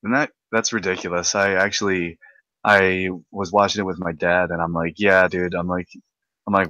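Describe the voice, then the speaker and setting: A young man hosting a casual podcast, ranting in a rambling, excitable way with lots of repeated words. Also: deep voice, normal speed, dry recording, muffled recording. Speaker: podcast host.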